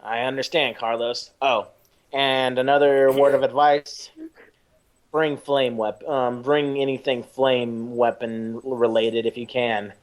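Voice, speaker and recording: A man voicing a shady male crime boss in a tabletop role-play, speaking slowly and hesitantly as if on a phone call. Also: mid-range voice, level tone, lightly acted. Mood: guarded. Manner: slow, guarded, hesitant phone talk.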